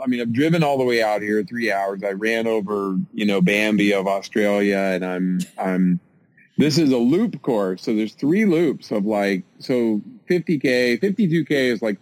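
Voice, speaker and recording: A man's voice: mid-range voice, dry recording, rough recording. Self-mocking American man telling a story. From United States. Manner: animated, self-mocking, many fillers and restarts. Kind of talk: casual storytelling in an interview.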